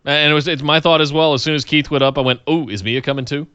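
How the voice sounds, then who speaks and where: Male podcast co-host, eager casual chat, bright and clear. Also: a little high, fairly even intonation, quick pace, no room sound, muffled recording. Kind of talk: casual wrestling recap chat.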